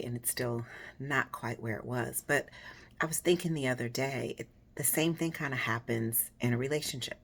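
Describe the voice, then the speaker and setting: A woman with a husky, raspy, hoarse voice talks casually and encouragingly to her viewers in a personal, unhurried way. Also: a bass voice. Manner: warm, personal, unhurried with fillers. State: hoarse after voice surgery. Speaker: vlogger.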